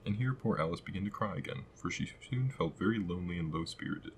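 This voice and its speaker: Male audiobook narrator, very deep, measured, storybook reading. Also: a little hiss or hum, poor audio. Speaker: audiobook reader.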